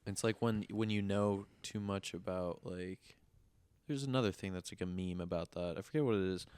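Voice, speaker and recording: A young man co-hosting a podcast, telling stories in a casual, animated way with a lot of swearing. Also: sits low, moderate pace, clean tone, no echo. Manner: animated, swears often, acts out phone calls. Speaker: podcast co-host. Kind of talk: casual chat, storytelling.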